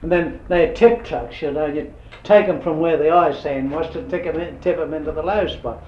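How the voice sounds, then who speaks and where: A man's voice: a little high, moderate pace. Older man spinning yarns. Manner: rambling, earthy, chuckling anecdotes. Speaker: interviewee. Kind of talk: oral history storytelling. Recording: dull roomy old tape with hiss.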